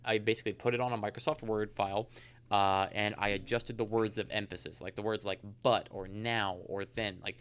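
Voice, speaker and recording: Fast-talking man, crisp clear voice. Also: lowish voice, steady tone, a bit bright. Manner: fast, rambling storyteller with many fillers. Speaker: insurance agent guest. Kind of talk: casual podcast interview.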